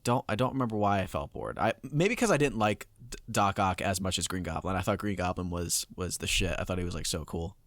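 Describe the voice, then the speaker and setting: A man's voice: low voice, lively intonation, fairly quick, fairly bright tone, no echo. A man co-hosting a podcast, talking casually in a hesitant, rambling way with lots of fillers. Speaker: podcast co-host. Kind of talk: casual chat.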